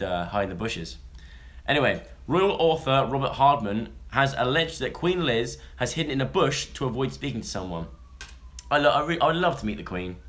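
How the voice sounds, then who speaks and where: Young male vlogger, bright and forward tone, chatty and jokey, prone to tangents. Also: mid-range voice. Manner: chatty, jokey, rambling asides. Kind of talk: casual chat, reading news stories to a live audience.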